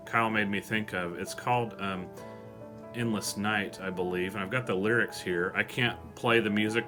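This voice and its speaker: A man hosting a devotional show, speaking earnestly and with emotion. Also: fairly low pitch. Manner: earnest, emotional, reads song lyrics aloud. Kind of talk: devotional talk.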